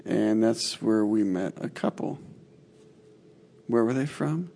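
A young man in easygoing podcast chat, adding details and finishing his co-host's sentences. His voice is dark and mellow, with a gravelly fry. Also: on the low side, slow. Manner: laid-back, chiming in and finishing his partner's sentences. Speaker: podcast co-host. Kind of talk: casual chat.

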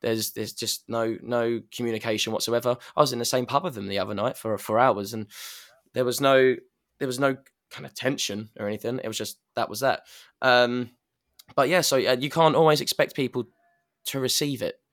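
A man's voice: mid-range voice, brisk, fairly bright tone. A man in casual chat, talking reflectively about personal growth, with many restarts and fillers.

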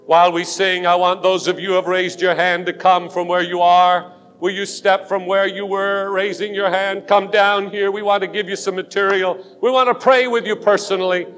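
A pastor making an urgent, pleading altar call during a sermon in a large church sanctuary. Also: male voice, sits high, level tone, moderate pace, a bit bright, faint music behind. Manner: pleading and urgent, rising to fervent force. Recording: long hall reverb of a church.

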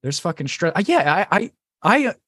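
A man hosting a casual podcast chat, telling stories in an animated way and swearing casually. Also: fairly high pitch, normal speed, husky, dry recording. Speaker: podcast host.

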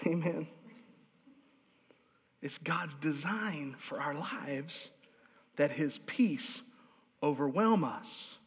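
A man preaching a sermon to a congregation, pressing his points with repeated words and calls of amen, swinging between loud emphasis and hushed asides. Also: fairly high pitch, expressive, extremely slow, pauses often, breathy edge. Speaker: pastor. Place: church sanctuary. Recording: long reverb of a large hall.

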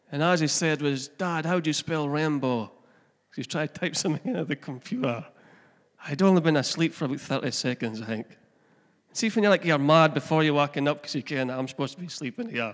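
Pastor in a reverberant hall. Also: male voice, a little high, a bit bright. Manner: chatty, asks the congregation questions, tells family stories. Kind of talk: conversational sermon.

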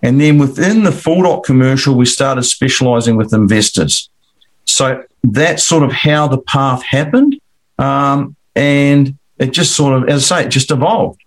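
With a medium-pitched voice and a slightly slow delivery, a middle-aged Australian commercial finance broker recounts his career as an interview guest. The chat is casual storytelling, and he rambles, repeating words as he plays out the conversations he describes.

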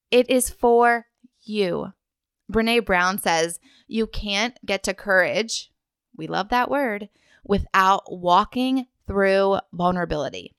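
A woman's voice: medium pitch, a bit bright, clean tone, no room sound, clean studio sound. A woman hosting a faith-based wellness podcast, speaking earnestly and heartfelt, straight to her listener. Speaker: podcast host.

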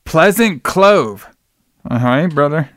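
A man's voice: on the high side, lively intonation, slow pace, fairly bright tone, no room sound, studio quality. A man hosting a podcast, casually retelling a movie's plot and acting out the characters' lines in his own voice. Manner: loose retelling, acts out quotes in plain voice, calls cohost brother. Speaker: podcast host. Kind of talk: casual movie recap chat.

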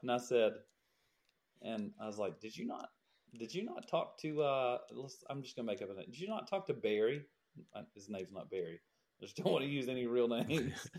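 Guy telling a funny work story on a podcast, lively, laughs a lot. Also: mid-range voice, normal speed. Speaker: podcast co-host, builder. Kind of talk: storytelling in casual chat.

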